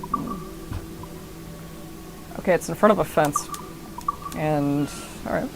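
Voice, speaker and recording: A woman's voice: low-pitched, slow, vocal fry, music in the background. A woman in her thirties streaming a game, muttering to herself and talking back at it. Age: 30s. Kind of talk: casual gameplay commentary.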